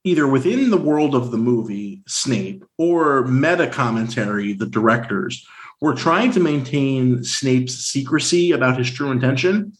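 A man co-hosting a casual film discussion, talking with animated energy and dropping into silly voices. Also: mid-range voice, measured pace. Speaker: podcast co-host.

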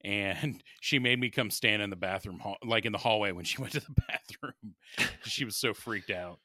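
A man's voice: on the low side, normal speed, pushed and bright, no room sound, studio quality. A man co-hosting a casual podcast chat, speaking hesitantly with frequent restarts and laughs. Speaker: podcast co-host.

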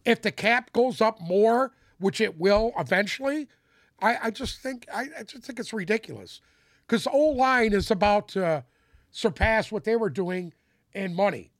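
A man's voice: high voice, expressive, unhurried, no echo, clean studio sound. A man co-hosting a casual sports podcast, blunt and opinionated, often stumbling over his first words before a point. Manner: opinionated, stammers restarts, blunt.

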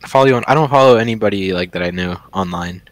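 Fast-talking young man, low dry voice. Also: no room sound. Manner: rambling, brash storytelling. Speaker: podcast co-host. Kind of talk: casual chat among friends.

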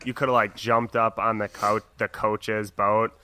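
A man's voice: on the low side, level tone, a little slow, sharp tone, clear, resonant tone. A young man chatting casually on a podcast, loose and joking, with lots of "like". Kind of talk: casual chat.

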